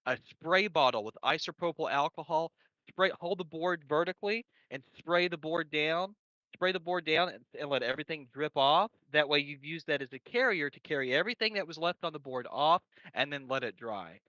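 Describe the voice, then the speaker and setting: A man's voice: fairly high pitch, expressive, fairly quick, bright, forceful tone, dry recording. A man explaining electronics cleaning in casual chat, rambling with frequent restarts and crude jokes, on a dull lo-fi recording. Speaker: electronics repair guest. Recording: dry, dull lo-fi sound.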